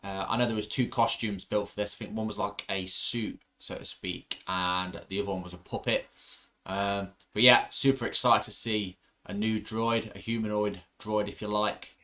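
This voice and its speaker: A man's voice: fairly low pitch, fairly even intonation, normal speed, pushed and bright, slight background noise. A man co-hosting a casual fan podcast, talking eagerly with many fillers and restarts. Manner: enthusiastic, frequent fillers and restarts. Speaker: podcast co-host.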